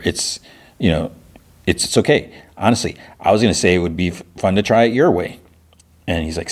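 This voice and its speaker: A man hosting a podcast, casually retelling a TV episode and acting out the characters' lines in loose impressions. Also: sits low. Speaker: podcast host.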